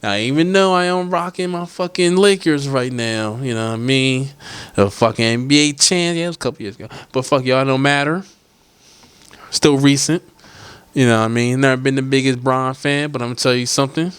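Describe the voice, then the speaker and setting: A podcast host wearing headphones talks into a studio mic, his medium-pitched voice smooth, a bit bright, a little fast and echo-free. His chat is casual and loose, rambling with profane asides.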